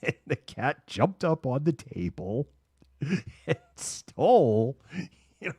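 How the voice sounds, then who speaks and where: A man's voice: mid-range voice, very animated, takes it slowly, darkish tone, breathy edge, no echo, clean studio sound. A man hosting his own live show, chatting casually and rambling through a story with frequent laughter. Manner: rambling, laughs often, acts out voices in anecdotes. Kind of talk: casual livestream chat.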